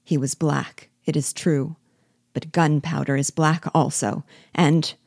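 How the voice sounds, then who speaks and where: A woman's voice: low voice, steady tone, slow pace, vocal fry, a little mellow, breathy edge, no room sound, studio quality, full character voice. A woman voicing a loyal, sentimental old male army sergeant who speaks humbly and rambles. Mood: earnest, humble.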